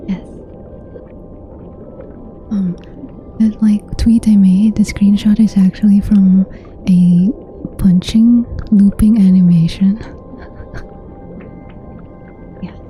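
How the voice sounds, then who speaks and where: A woman's voice: mid-range voice, steady tone, slow pace, long pauses, muffled recording, faint music behind. A woman streamer talking with her chat in a whispered ASMR style, playful and teasing, often giggling.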